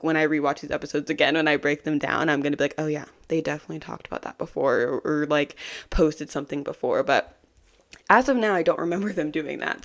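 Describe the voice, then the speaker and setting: A woman with a low voice hosts a casual podcast recap, rambling through an episode with frequent little giggles. Her talk is loose and filled with ums and likes. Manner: chatty and giggly, full of fillers. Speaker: podcast host.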